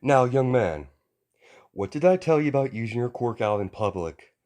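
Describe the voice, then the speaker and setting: A man voicing a cheerful, loud male hero who scolds like a stern but friendly father, in an amateur fan story. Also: mid-range voice, animated, normal speed, voice pushed up, natural voice. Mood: stern jovial.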